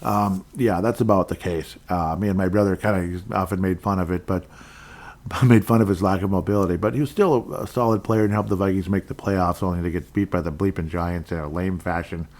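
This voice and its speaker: A man's voice: deep voice, fairly even intonation, a little fast, darkish tone. A man from Minnesota hosting a podcast, rambling through casual sports talk, going off on tangents, and speaking his mind bluntly. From Minnesota, USA. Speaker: podcast host.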